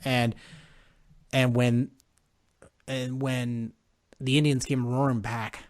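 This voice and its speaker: Male co-host at home, mid-pitched, animated storyteller, dead-dry mic. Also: no room sound. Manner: animated, halting retelling with restarts. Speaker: podcast co-host. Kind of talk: casual sports chat. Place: home room.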